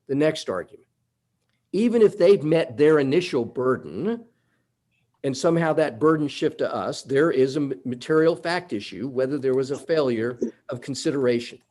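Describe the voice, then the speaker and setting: An attorney argues a summary judgment motion before a judge in a courtroom, working methodically and emphatically through his legal points. His mid-range voice is expressive and darkish, delivered at a moderate pace.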